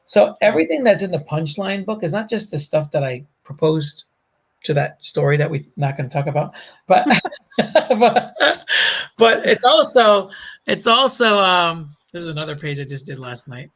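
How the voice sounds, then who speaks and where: A man with a Bronx New York accent talks through his old comic work in a loose, rambling way. His voice sits a little high for a man and carries a gravelly edge. He keeps circling back with fillers and asides. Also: normal speed. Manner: rambling, animated storytelling with frequent fillers and laughs. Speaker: comic creator guest. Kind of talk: casual chat.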